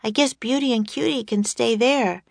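A woman's voice: a little high, moderate pace, vocal fry, dry recording, clean studio sound, voice pushed up. A woman doing an eager, chatty little girl. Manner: bright, excitable, bold.

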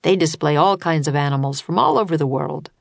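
A woman's voice: sits low, a little fast, vocal fry, no echo. A woman reading the lines of a tall, thin, courteous male weather official in a storybook, explaining things patiently.

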